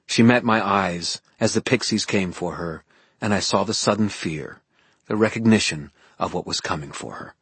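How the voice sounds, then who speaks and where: A man narrating a fantasy audiobook in a steady, dramatic storytelling manner. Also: low-pitched, normal speed, husky, no room sound.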